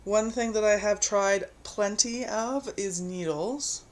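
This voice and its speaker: Woman hosting a home sewing stream, mid pitch; chatty and scattered, laughing at her own lost thread, reading comments aloud. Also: slow pace. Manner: chatty and easily distracted, laughing at herself; reads viewer comments aloud. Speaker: quilting livestream host. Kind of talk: casual chat while hand-sewing.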